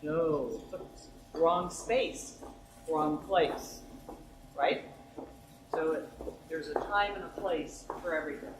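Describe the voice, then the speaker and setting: A woman's voice: low voice, slow, pauses often. A woman giving a workshop talk, telling a story and putting teacherly questions to her audience. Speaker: workshop presenter. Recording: echoey room, voice from a distance, noisy.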